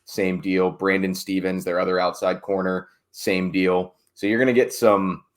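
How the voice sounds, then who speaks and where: A man's voice: low voice, level tone, normal speed. A man, a team beat reporter, chatting casually on a sports podcast with wry, digressive asides.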